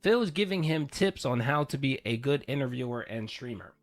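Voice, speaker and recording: A man giving casual, animated commentary while reacting to a recorded debate, laughing and swearing. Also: medium pitch, moderate pace. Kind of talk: casual commentary over a clip.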